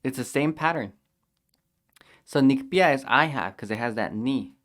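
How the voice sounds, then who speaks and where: A man teaching a language lesson, patiently repeating each phrase slowly and clearly for learners to copy. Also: medium pitch, lively intonation, a bit bright.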